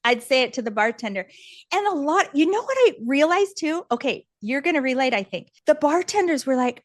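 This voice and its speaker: Brief: lively woman guest, slightly high voice, dry close sound, earnest and encouraging, candid storyteller. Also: moderate pace, no echo. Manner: animated, laughs often, acts out quoted voices. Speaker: podcast guest.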